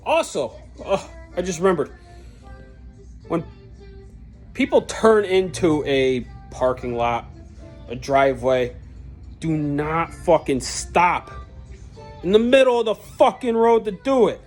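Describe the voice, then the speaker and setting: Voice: expressive, slow, long pauses, soft background music. Sweary fired-up rant vlogger. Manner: heated, sweary, blunt; jumps from shouty peaks to low grumbling. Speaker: truck channel vlogger. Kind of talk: angry profane rant to camera.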